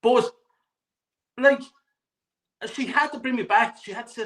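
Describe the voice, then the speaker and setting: A man in his forties with a high, bright, ringing voice gives a heartfelt rant on a live fan show. He swears freely and hammers his points home by repeating them. He pours real feeling into every sentence. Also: measured pace. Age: 40s. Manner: emphatic, swears often, repeats himself for stress. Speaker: guest on a fan call-in show.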